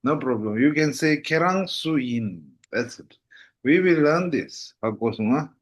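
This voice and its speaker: A man teaching a casual language lesson. He says each phrase slowly and patiently, with a lively, rising and falling pitch. His voice is a bit husky, and he laughs easily.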